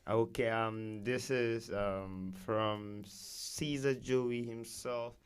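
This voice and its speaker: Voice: mid-range voice, steady tone, very slow, clear, resonant tone. A woman co-hosting a casual live radio chat, reading listener comments aloud in a hesitant way. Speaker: radio co-host.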